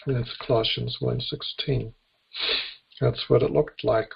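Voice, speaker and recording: The dull, lo-fi sound of a computer microphone carries an American man's deeply husky, gravelly voice as he lectures an online webinar class. In a steady tone and at an unhurried pace, he patiently covers each letter in turn.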